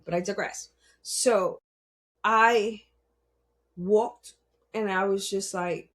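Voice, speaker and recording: A woman podcast host and spiritual healer telling a personal story, swinging between loud emphasis and hushed asides, laughing often and swearing. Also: medium pitch, fairly even intonation, slow pace, long pauses.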